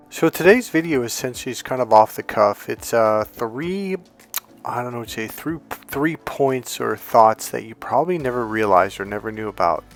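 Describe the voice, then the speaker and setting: With a fairly low voice, this man works as a dating coach and talks spontaneously to camera. His delivery is rambling and profane, complete with acted-out grunts and crying babies.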